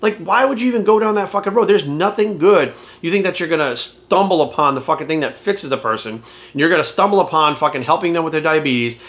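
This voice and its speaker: A man's voice: fairly high pitch, quick pace, fairly bright tone. A man talking as a fitness coach in a casual vlog rant, blunt and heavy on swearing and rhetorical questions.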